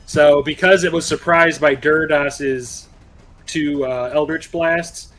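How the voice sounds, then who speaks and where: A man's voice: on the high side, fairly even intonation, slow pace, fairly bright tone. A man running a tabletop game as game master, narrating the action loosely with lots of filler words.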